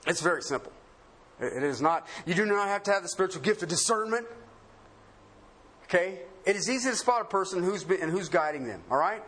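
Male preacher, very high voice, lively pitch, rhetorical questions, drops to low murmurs. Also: brisk, slightly rough. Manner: animated, rhetorical questions, wide swings between loud highs and low murmurs; laughs often. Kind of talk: sermon.

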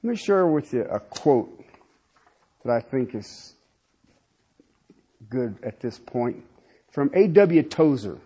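A man's voice: mid-range voice, very animated, slow, pauses often, dark tone, husky. A man preaching a sermon, emphatic and full of rhetorical questions, often stopping to check in with his listeners. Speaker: pastor.

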